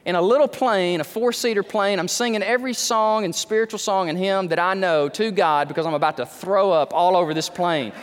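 A man's voice: high-pitched, brisk, few pauses, long reverb tail. A man pastor preaching an emphatic sermon full of rhetorical questions, speaking in a church sanctuary.

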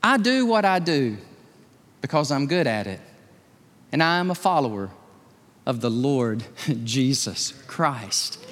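A man voicing a sweet, humble older woman who bakes pies, speaking softly and matter-of-factly. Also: medium pitch, sing-song, takes it slowly, long pauses, long reverb tail, voice pushed down. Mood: humble, gentle.

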